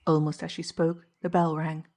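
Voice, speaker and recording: A woman narrating an old crime novel in measured, even scripted narration. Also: deep voice. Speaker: audiobook narrator.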